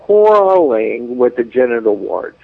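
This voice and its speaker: A man's voice: medium pitch, big pitch swings, slow pace, gravelly, phone-quality sound. A man telling blunt, graphic stories on a radio talk show. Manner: blunt, graphic, unashamed storytelling.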